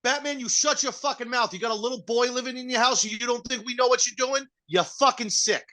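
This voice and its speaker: A man's voice: extremely high pitch, fairly quick, pushed and bright, pitched above the performer's own voice. A man voicing a brash mobster, taunting and crude. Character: brash loudmouth Italian-American mobster man.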